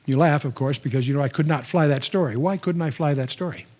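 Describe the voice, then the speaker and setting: Older male Bible teacher, high-pitched, animated storyteller, talks to the room with restarts. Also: fast. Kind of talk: Bible teaching lecture to a live audience.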